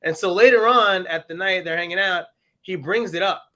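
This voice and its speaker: A man co-hosting a podcast, recapping a TV episode in casual, animated chat and slipping into voices for the characters. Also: high voice, moderate pace. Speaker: podcast co-host.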